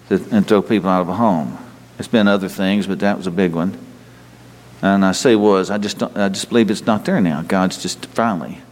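Earnest preacher guy, lots of restarts, hall echo trailing behind him. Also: a little mellow. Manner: earnest, repeats and restarts, swings up and down in pitch. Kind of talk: sermon. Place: church hall. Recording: long reverb of a hall.

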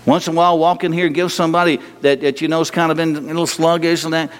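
A man's voice: a little high, flat delivery, fast, few pauses, clear, resonant tone. A man preaching a sermon in a folksy, humorous way, with restarts and sudden bursts of emphasis. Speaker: pastor. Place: church sanctuary. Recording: long hall reverb.

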